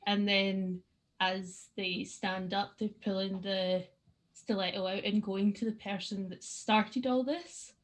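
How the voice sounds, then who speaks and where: A woman's voice: medium pitch, fairly even intonation, slow pace. A woman playing a tabletop game, describing her character's actions with hesitant fillers. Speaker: player.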